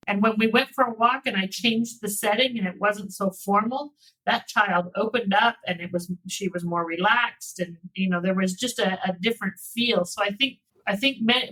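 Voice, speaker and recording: A woman working in private school admissions, talking through interview tips in a relaxed panel discussion, with frequent restarts. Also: medium pitch, low-quality recording. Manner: warm conversational storytelling with many restarts.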